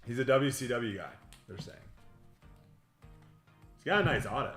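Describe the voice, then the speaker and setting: A man hosting a livestream card break, rattling off player names with quick joking asides. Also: mid-range voice, expressive, a bit bright. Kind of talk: livestream card-opening patter. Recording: echoey room with music behind.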